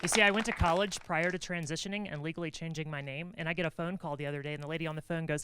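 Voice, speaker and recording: A woman's voice: low voice, steady tone, racing, hardly any pauses, a bit bright, some chatter behind, a little hiss or hum. A woman comedian performing a stand-up set, telling stories casually with frequent filler words. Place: stage at a comedy venue.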